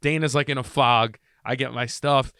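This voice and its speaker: Guy on a podcast telling a story, acts out the voices, mid pitch, dry close mic. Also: normal speed, creaky, smooth, no echo. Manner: animated storyteller who acts out quoted dialogue. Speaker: podcast co-host. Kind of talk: casual podcast chat.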